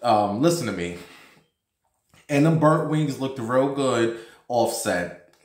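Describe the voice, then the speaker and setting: Slow and expressive, this male vlogger in his thirties has a medium-pitched voice in a roomy-sounding space. He chats through a story and some gossip in a relaxed, foul-mouthed way, using plenty of fillers.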